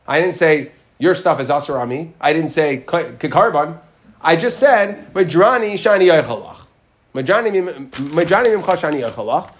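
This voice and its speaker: A man teaches a Talmud class, working through the text by posing questions and repeating Hebrew phrases in a chanting rhythm. His pitch is fairly high.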